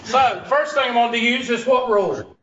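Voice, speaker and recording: High-voiced joking math teacher. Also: male voice, moderate pace, recorded from a distance. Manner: joking, teasing, quizzes the class. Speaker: math instructor. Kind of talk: classroom lecture. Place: classroom. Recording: echoey muffled room recording from afar with faint hiss.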